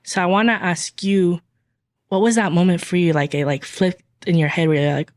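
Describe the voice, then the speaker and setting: A woman co-hosting a podcast, speaking casually and warmly, affirming her guest with frequent "like" and "you know.". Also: lowish voice, normal speed. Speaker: co-host. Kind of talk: reflective podcast conversation.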